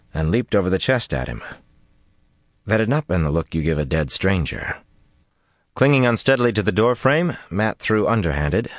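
A man narrating an audiobook in a steady, measured storytelling voice. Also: low-pitched, no echo, studio quality. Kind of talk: scripted narration.

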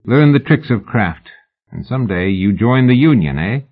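A man voicing a sly, lean Victorian London swindler who talks low and soberly. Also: expressive, normal speed. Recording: phone-like narrow band.

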